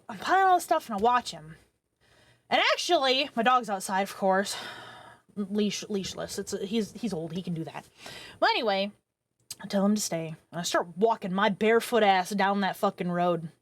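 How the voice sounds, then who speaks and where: Animated, swearing woman in her thirties. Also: fairly high pitch. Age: 30s. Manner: profane, animated, rambling. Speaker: streamer. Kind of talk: casual storytelling to stream viewers.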